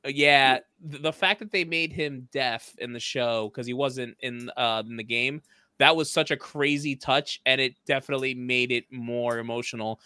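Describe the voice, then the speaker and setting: A man co-hosting a casual podcast chat, animated and swearing freely, with quick restarts. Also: mid-range voice, smooth, no echo. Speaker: podcast co-host.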